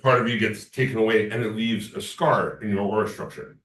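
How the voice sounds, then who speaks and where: A man's voice: fairly low pitch, fairly even intonation, fairly quick, a bit bright, recorded from a distance. Rambling male lecturer in an echoey room. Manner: rambling storyteller, acts out quoted talk. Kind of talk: casual lecture to a class. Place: class room.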